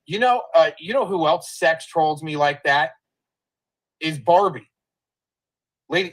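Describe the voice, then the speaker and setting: A man's voice: a little high, animated, unhurried, pauses often, poor audio. A man hosting a livestream, ranting in profane, combative commentary over clips he plays. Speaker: livestream host.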